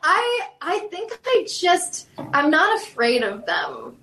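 A woman from South Carolina with a light Southern accent, an actress telling stories in a casual interview, chatty and animated with many fillers. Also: high-pitched, slow, roomy sound, a little hiss or hum, low-quality recording. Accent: Southern American.

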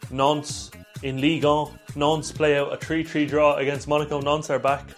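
A man's voice: fairly high pitch, level tone, faint music behind. A man co-hosting a football podcast, chatting casually and running through match results with dry asides. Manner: banter, quick rundown of results. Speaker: podcast co-host.

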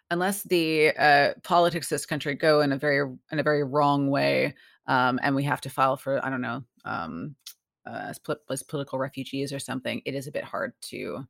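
A woman chatting casually as a podcast guest, telling lively stories and acting out the people she quotes. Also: extremely low pitch, vocal fry. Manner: animated, acts out quoted voices. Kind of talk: casual storytelling chat.

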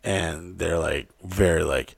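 A young man swaps crude stories in a relaxed, rambling way. His voice sits low with a gravelly edge. The sound is close and dry. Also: takes it slowly, dry recording. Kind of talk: casual chat.

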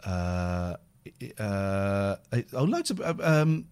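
A man hosting a casual podcast, animated and prone to repeating himself with stammering restarts. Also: on the low side, drawn-out words, smooth. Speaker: podcast host. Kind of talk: casual chat.

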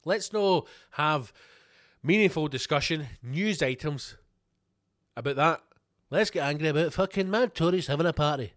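A man's voice: on the high side, animated, normal speed, fairly bright tone, no room sound, clean studio sound. A Scottish man hosting a podcast, ranting angrily with heavy swearing and repeated rhetorical questions. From Scotland. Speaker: podcast host. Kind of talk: ranting monologue.

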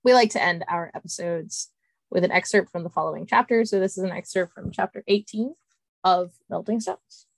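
A woman podcast host reading an excerpt of her fantasy novel in steady, clear storytelling. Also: lowish voice, brisk, no room sound.

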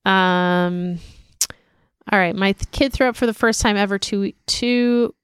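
A woman's voice: medium pitch, unhurried, clean tone, no echo, studio quality. A woman co-hosting a casual podcast, reading listener emails aloud with chatty asides. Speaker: podcast co-host.

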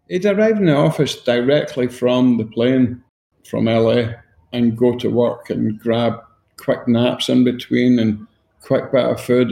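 Gravelly Glaswegian man, blunt and sweary. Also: mid-range voice, warm tone, roomy sound. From Scotland. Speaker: guest. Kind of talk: casual interview chat.

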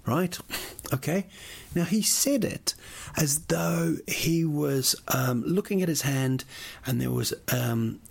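A man's voice: medium pitch, creaky, breathy edge. A man, a comedian, telling a rambling, sweary comic story that keeps getting more worked up.

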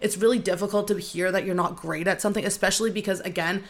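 A woman's voice: medium pitch, fairly even intonation, quick pace. Young woman coach on a podcast, swears a lot, super blunt and frank. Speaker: confidence and sex coach, podcast guest. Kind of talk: casual podcast chat.

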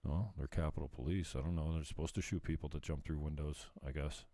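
A man's voice: extremely low pitch, fairly even intonation, fast talker, mellow, no echo. A man hosting a casual livestream where he reacts to clips. He is sarcastic and profane and laughs often. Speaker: livestream commentator.

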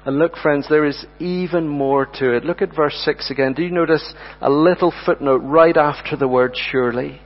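A man preaching a sermon, earnest and emphatic, addressing the congregation as friends and slowing down to repeat key words. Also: a little high. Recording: dull sound with long hall reverb and mains hum.

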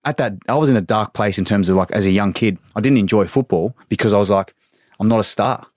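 Fast-talking man, swearing freely. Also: fairly low pitch, a little mellow, no echo, studio quality. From Australia. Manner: swears freely, tells anecdotes with quoted voices. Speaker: guest, former footballer. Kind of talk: casual podcast chat.

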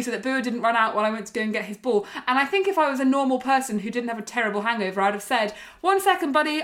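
A young woman with a notably high voice recounts a mishap in relaxed podcast chat. She talks in an animated, self-deprecating way, often laughing as she goes. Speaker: podcast host. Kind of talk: casual anecdote-telling.

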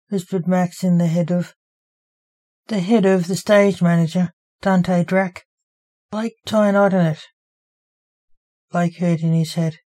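A woman reading her own story aloud as its author, in an even, unhurried storybook narration. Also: lowish voice.

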